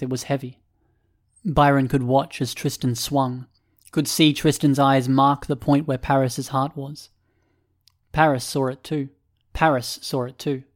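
A medium-pitched male voice narrates an audiobook, giving an even, measured reading of scripted text.

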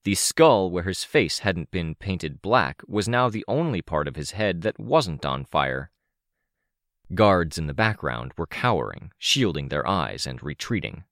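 A man reading first-person fiction aloud as an audiobook narrator, measured and vivid. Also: deep voice, fairly bright tone, dry recording, clean studio sound.

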